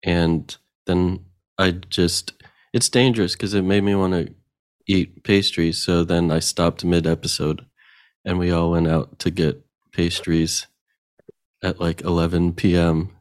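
Very low-voiced, slow-talking man. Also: little pitch movement. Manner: slow and rambling, laid-back. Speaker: co-host. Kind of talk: casual comedy podcast banter.

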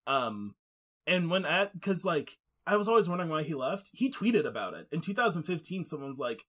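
A man's voice: on the high side, sing-song, a little fast, a bit bright. A man co-hosting a laid-back podcast chat. He rambles through his points, stopping and restarting often, with plenty of fillers along the way. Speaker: podcast co-host. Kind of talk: casual chat.

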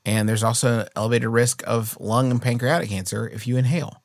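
A man's voice: medium pitch, a little fast, dry recording, studio quality. A man co-hosting a casual comedy podcast, joking and doing little bits as he talks. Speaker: podcast co-host.

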